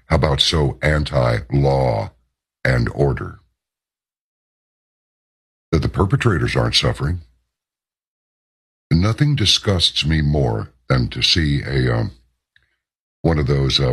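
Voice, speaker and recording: A man with a very deep, gravelly voice holds forth as a radio talk host. His delivery is emphatic and rambling, with asides and rhetorical questions, and the tone stays husky throughout. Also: fairly bright tone. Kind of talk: opinionated talk radio monologue.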